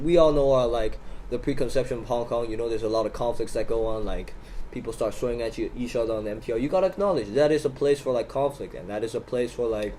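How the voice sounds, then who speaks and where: Teen boy, student podcaster, animated storyteller, slight background hiss. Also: mid-range voice, rough recording. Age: teens. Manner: animated storyteller acting out both sides of an argument. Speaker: podcast co-host. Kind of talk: casual storytelling. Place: school room in Hong Kong.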